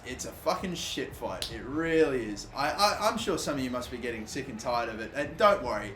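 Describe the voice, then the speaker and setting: A young man commentating his own football video game match, swearing and exasperated, shouting at his players' mistakes. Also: medium pitch. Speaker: gaming YouTuber. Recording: echoey room with faint noise.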